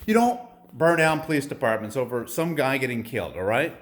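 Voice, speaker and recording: A man's voice: medium pitch, lively intonation, fairly quick. A young man in a heated, profane political rant, repeating himself and firing off rhetorical questions. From United States.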